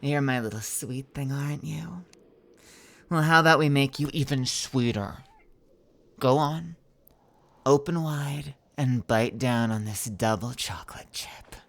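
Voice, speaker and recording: A woman doing a whispered role-play as a teasing, sweet-talking woman who feeds the listener cookies, speaking softly and slowly. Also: a bass voice, gravelly, exaggerated voice. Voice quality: soft, hushed.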